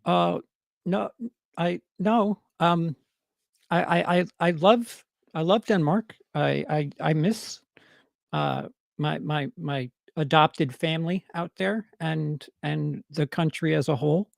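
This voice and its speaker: A man with a New York accent talks casually on a livestream, stumbling through repeated restarts as he answers his chat. His voice sits a bit high and is heavily gravelly with fry. The sound is dry and close. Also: no echo. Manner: halting, many stammered restarts and fillers.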